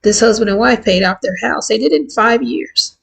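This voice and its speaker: Woman in her 50s, bit of vocal fry, just chatting to camera, open and heartfelt. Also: fairly high pitch, fairly quick, low-quality recording. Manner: candid, heartfelt, conversational. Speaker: vlogger. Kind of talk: casual chat to camera.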